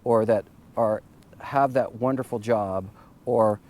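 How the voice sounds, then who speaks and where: Halting, earnest motivational man. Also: fairly low pitch, darkish tone. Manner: halting, repeats words while searching for them. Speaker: motivational vlogger. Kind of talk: casual motivational monologue.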